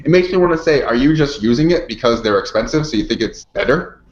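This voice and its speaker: A man co-hosting a casual chat show, animated and quick to laugh. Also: mid-range voice, slight background noise. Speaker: co-host. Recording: roomy, dull lo-fi home recording.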